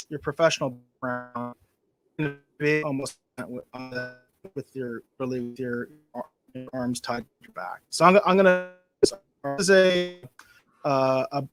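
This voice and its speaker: A man hosting a casual podcast chat, animated and opinionated, with big swings in loudness. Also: on the high side. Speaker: podcast host.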